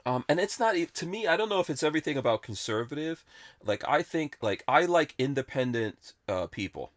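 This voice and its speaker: Blunt, rambling podcast host. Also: male voice, on the high side, big pitch swings, fairly quick, no echo, studio quality. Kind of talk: casual chat.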